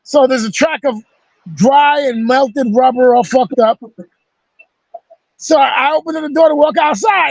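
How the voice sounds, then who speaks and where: A man with a very high voice tells a rowdy, profane story over a video call. His voice is bone-dry and close, and he delivers it with animated, hands-on energy. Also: unhurried, vocal fry, pauses often, dry recording. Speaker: host. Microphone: video call mic.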